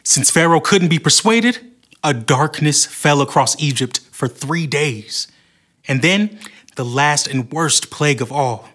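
A man telling a Bible story as the storyteller in a children's church show, in an animated storytelling way. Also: on the high side, measured pace. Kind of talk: scripted Bible story narration for kids.

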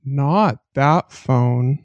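A woman voicing an eerie black-eyed boy who speaks with slow, smooth menace. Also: very deep voice, darkish tone, dry recording, highs cut off, pitched below the performer's own voice, full character voice. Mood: eerie calm.

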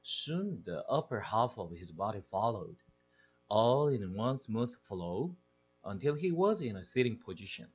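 A Korean-accented English teacher reads a children's novel aloud, expressive and deliberate like a storyteller. His lowish voice is very animated, with a slight hiss or hum in the audio.

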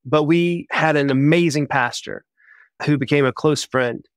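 A man, a missionary guest on a podcast, telling his story in a casual, animated way. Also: on the high side, dry recording. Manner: animated, chatty, quick bursts.

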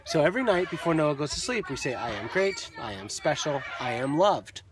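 A man's voice: a little high, sing-song, fairly quick. A man giving casual, upbeat motivational vlog talk as a network marketing coach, loose and chatty with fillers, outdoors on a beach. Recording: outdoor beach crowd noise behind.

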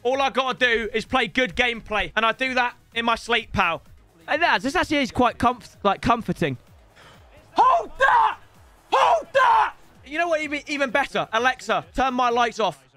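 A young man streaming a football video game, chatting to the lads in cheeky banter and breaking into loud outbursts. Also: extremely high pitch, lively intonation, a little fast, soft background music, a faint crowd. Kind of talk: gaming stream commentary. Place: home room with builders' noise outside. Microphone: headset.

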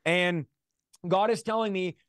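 Man, interview guest, high voice, dry close recording, emphatic, repeats phrases, earnest storytelling. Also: unhurried, a bit bright, no room sound. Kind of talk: telling a personal conversion story in an interview.

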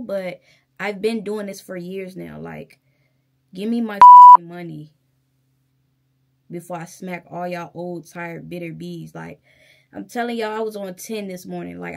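A woman's voice: mid-range voice, gravelly, darkish tone. Heated young woman vlogger ranting. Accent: Virginia. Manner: heated, emphatic, addresses viewers directly as y'all. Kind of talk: casual storytime rant to camera.

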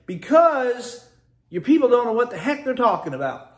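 Folksy high-voiced man in an echoey room. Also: big pitch swings, normal speed. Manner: folksy, talkative, grumbling. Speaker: home how-to vlogger. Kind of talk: casual chatty walkthrough. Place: indoors by a kitchen refrigerator. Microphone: handheld phone camera.

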